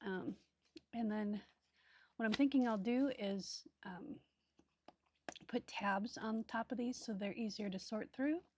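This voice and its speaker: A woman at her craft desk talks through her project in a loose, rambling way, full of ums and half-finished thoughts. Her voice sits at an ordinary middle pitch, recorded close, with faint clicks and handling noise behind her. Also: takes it slowly, long pauses, darkish tone. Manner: rambling, thinking aloud, many ums and trailing asides. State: hiccups. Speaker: craft video host. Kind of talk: casual crafting tutorial chat.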